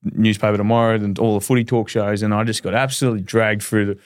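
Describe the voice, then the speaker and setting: A man's voice: fairly low pitch, flat delivery, fast, no room sound, studio quality. A man in his thirties with an Australian accent, a footballer telling his story as a podcast guest in a candid, rambling way. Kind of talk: casual podcast interview.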